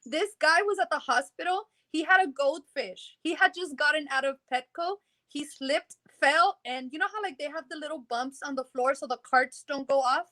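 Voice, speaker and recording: A woman's voice: high-pitched, normal speed, few pauses, bright, forceful tone. A woman telling her story in a casual interview, rambling and acting out what people said, with laughs in between. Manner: rambling, acts out quoted dialogue, laughs in between.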